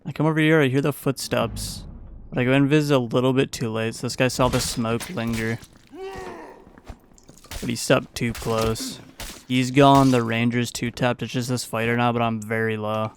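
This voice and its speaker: A man's voice: mid-range voice, little pitch movement, normal speed, a little hiss or hum. A man giving a casual, playful play-by-play voice-over of his own gameplay as a gaming YouTuber.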